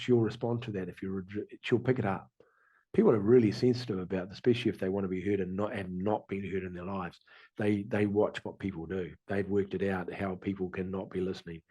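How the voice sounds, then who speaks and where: A man's voice: on the low side, mellow, slightly rough. A middle-aged man, a qigong teacher, talking casually on a video call, rambling and repeating himself as he explains. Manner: rambling storyteller, laughs often, repeats himself.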